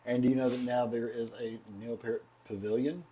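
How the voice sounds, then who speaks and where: A man's voice: mid-range voice, little pitch movement, a little fast, a loud crowd. A man with a Southern accent, co-hosting a casual tasting chat and telling rambling stories with frequent laughter. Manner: rambling storyteller, laughs often. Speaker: podcast co-host.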